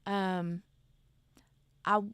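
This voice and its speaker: A woman's voice: mid-range voice, little pitch movement, drawn-out words, fairly bright tone, clear, resonant tone, dry recording. A woman hosting a casual craft livestream, chatting in a rambling way and reading out viewer comments. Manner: rambling, chatty, reads chat aloud. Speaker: craft channel host.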